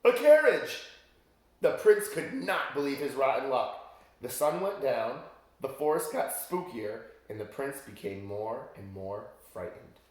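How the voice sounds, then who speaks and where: A man's voice: mid-range voice, animated, unhurried. A man reading a children's story aloud as a teacher, with chatty asides to his young listeners. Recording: very echoey room.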